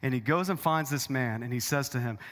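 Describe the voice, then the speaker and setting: A man preaching a sermon as a pastor, dramatic and emphatic, swinging up loud and high to drive points home. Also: a little fast, long reverb tail. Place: church auditorium.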